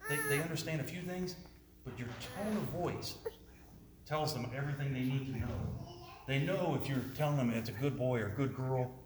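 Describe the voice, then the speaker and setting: Male presenter, interactive talk, quizzes the room, echoey hall, faint hiss. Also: mid-range voice. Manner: asks audience questions, repeats words, jokey asides. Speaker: speaker presenting to an audience. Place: room with a live audience. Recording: roomy with faint noise.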